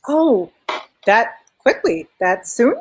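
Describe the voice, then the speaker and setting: Slow-speaking woman in a role-play. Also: a little high, sing-song, husky, rough recording. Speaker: player. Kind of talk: in-character tabletop role-play.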